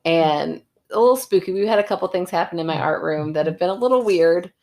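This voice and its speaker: A woman's voice: on the low side, fairly quick. Chatty woman co-hosting a podcast. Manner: laughs often, animated retelling. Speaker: podcast co-host. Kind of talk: casual chat and story reading.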